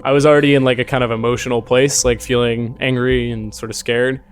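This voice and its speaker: Man, casual storytelling, rambling and shaken, filler-heavy and profane, mid-pitched voice, clear music playing underneath. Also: little pitch movement, brisk. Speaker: storyteller recounting a personal encounter. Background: eerie music bed.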